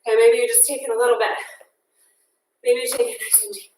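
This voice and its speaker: Casting note: winded woman cardio instructor, high voice, counts reps. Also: steady tone, fast talker, darkish tone, a little hiss or hum. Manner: encouraging, casual, counts down reps. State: out of breath. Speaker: fitness instructor. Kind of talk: guided workout class instruction. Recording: echoey room, mic at a distance.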